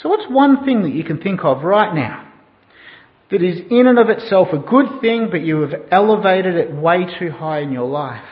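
A man preaches with a high voice, asking his listeners questions and weaving a story into the sermon. His words ring out with a long hall reverb, and the recording has a dull, muffled tone. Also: big pitch swings, normal speed.

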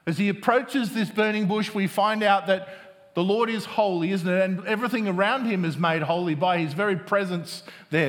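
A man's voice: high-pitched, normal speed. A man preaching a sermon, reading scripture aloud and often asking his listeners "don't we?" as he goes. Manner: asks the congregation "isn't it?" often, with restarts. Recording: long reverb of a large hall.

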